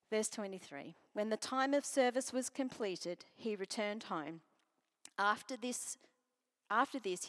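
A woman preaching a sermon and reading scripture, earnest, moving from strong emphasis to soft near-whispers. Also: medium pitch. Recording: long hall reverb.

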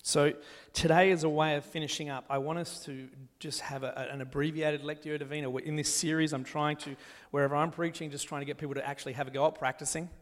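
A man preaching a sermon, talking his congregation through scripture reading and reading a psalm slowly and gently. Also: a little high, flat delivery. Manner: gentle, slows down to read scripture aloud. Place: church hall. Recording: long echo of a large hall.

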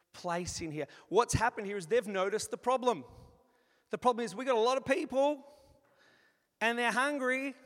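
A man preaching a sermon in an animated, conversational way, acting out little asides as he goes. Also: sits high. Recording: long reverb of a large hall.

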